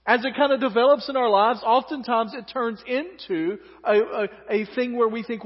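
Southern pastor, high-pitched, chatty sermon delivery, long hall echo, dull lo-fi sound. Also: male voice, moderate pace, few pauses. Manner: conversational, joking asides.

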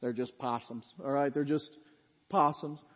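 Animated pastor in a reverberant hall. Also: male voice, normal speed, slightly rough. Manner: animated storytelling, building to loud peaks then dropping low and quiet. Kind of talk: sermon. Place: church sanctuary. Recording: dull audio with long hall reverb.

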